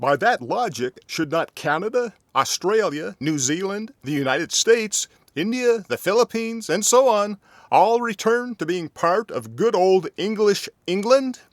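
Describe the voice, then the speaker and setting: A man's voice: high voice, expressive, a little slow, no room sound, studio quality. A man giving sarcastic, rhetorical satirical voice-over narration.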